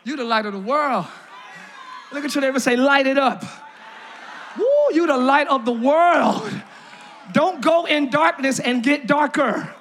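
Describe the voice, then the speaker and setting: A male pastor preaching a lively, playful sermon in a large church, often shouting to the congregation. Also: extremely high pitch, a little slow, pauses often, some chatter behind, slight background noise.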